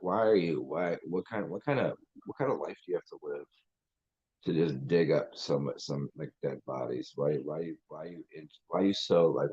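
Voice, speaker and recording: Man, very low husky voice, rambling profane rant, dull lo-fi recording. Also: a little mellow. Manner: rambling and profane, with many restarts. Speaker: channel host. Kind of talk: casual livestream rant.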